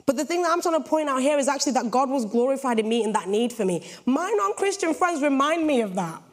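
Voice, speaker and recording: Young female British preacher, playful storyteller, slightly high voice. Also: fast. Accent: British English. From Britain. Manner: lively, jokey storytelling. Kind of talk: sermon.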